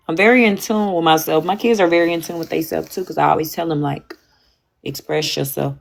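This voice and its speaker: A young woman talking candidly and casually to her stream audience, animated and slangy, swinging between loud bursts and quiet asides. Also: fairly low pitch, fast, gravelly. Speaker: livestream host. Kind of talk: casual chat.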